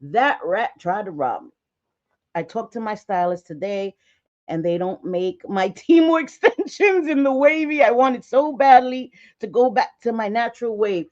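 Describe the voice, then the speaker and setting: A woman's voice: fairly high pitch, animated, normal speed, darkish tone, dull audio. A woman host chatting casually on a livestream, telling stories with frequent laughs and restarts and swearing freely.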